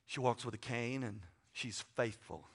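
A middle-aged man preaching a sermon, folksy and joking, swinging from loud to quiet asides. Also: mid-range voice, steady tone, unhurried, breathy edge. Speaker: pastor.

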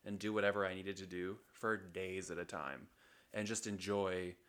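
Young guy cohosting a podcast, kinda low voice, lots of likes and ums. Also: fairly even intonation, normal speed, a bit bright. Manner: rambling, hesitant, lots of "like" and "um". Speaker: podcast co-host. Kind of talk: casual chat.

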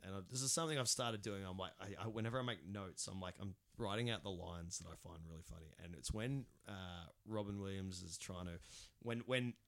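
A man co-hosting a casual film podcast, rambling and laughing often, with loud bursts when he quotes a line. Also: low-pitched, brisk. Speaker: podcast co-host.

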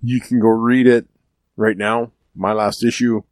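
A man's voice: on the low side, little pitch movement, measured pace, darkish tone, dry recording. Guy on a podcast, takes his time, dry teasing jokes, dry close mic. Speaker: podcast co-host. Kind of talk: casual podcast chat.

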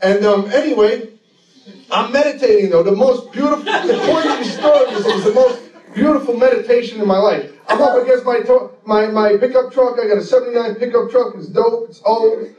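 A man's voice: very high voice, fairly quick, darkish tone, muffled recording. A man in his forties telling a loose, profane story on stage in a laid-back street manner. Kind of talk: live comic storytelling. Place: stage before a laughing audience. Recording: echoey room from a distant mic. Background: crowd laughter.

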